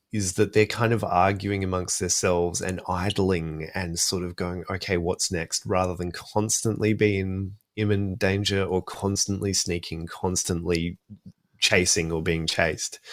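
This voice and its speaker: A man's voice: low voice, no room sound, studio quality. A young adult man with an Australian accent, chatting thoughtfully about film music as a podcast guest, with many fillers. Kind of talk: casual podcast discussion.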